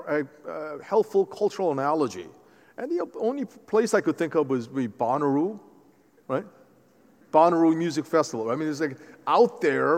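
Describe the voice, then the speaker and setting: A man preaching a sermon as pastor, animated and conversational, often restarting his phrases. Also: on the high side. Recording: long hall reverb.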